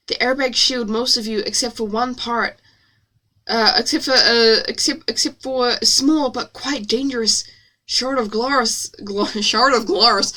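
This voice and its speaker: An awkward male doctor, read by a woman, stumbles and hesitates through his lines. The voice is bright and slightly high. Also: recorded from a distance.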